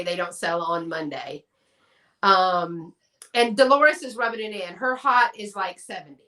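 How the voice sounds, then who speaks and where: A woman's voice: fairly high pitch, pushed and bright. A woman from Texas with a Southern accent, chatting casually in a live stream and laughing often. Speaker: guest collector.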